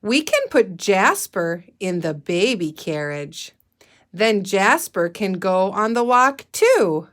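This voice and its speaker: A woman teacher voicing an eager young girl who calls loudly and high for her pet, while reading a storybook aloud to children. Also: very animated, slow pace. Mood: cheerful. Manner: high, loud calling voice.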